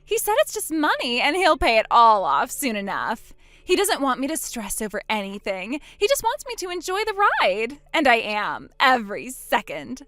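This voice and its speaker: A woman's voice: fairly high pitch, wildly swooping pitch, moderate pace, fairly bright tone, no echo. A woman voicing a boastful, spiteful young woman who mocks her sister in a text-story drama. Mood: gloating. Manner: smug, mocking, gloating.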